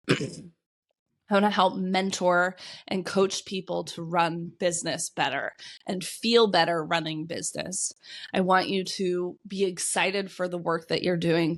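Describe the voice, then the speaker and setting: Woman podcaster and business coach, blunt and energetic, casual swearing, a cold's cough in the throat. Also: fairly low pitch. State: getting over a cold, coughing. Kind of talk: solo podcast monologue.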